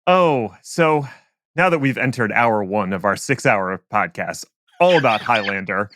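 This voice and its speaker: A man's voice: fairly low pitch, lively intonation, background noise. A man hosting a podcast, joking around in casual chat over a remote call. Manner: jokey, playful, quick to laugh. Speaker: podcast host.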